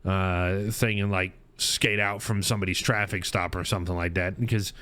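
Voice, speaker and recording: A middle-aged man hosts a laid-back podcast in a smooth, resonant voice that sits a bit low. He rambles through his stories, restarting sentences and chuckling as he goes. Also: fairly even intonation, normal speed, pushed and bright. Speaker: podcast host. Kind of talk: casual chat.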